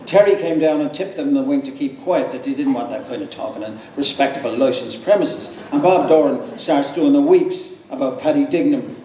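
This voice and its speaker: A man with a Dublin accent giving a quick, lively, chuckling live reading of a story. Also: medium pitch, slight background noise. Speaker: reader. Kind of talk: dramatic live reading of fiction. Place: large hall with audience. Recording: echoey hall, mic from far off.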